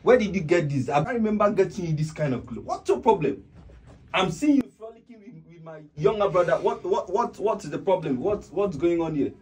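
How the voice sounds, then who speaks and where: A man's voice: sits high, animated, fairly quick, a little mellow. A man acting a hardworking husband in a web skit, stammering and indignant as he defends himself.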